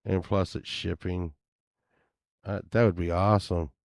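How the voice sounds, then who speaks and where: A man's voice: deep voice, flat delivery, unhurried, vocal fry, dry recording, studio quality. A man rambling casually as he browses items online, grumbling and swearing now and then. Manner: meandering, grumbling asides, occasional swearing. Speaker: vlogger.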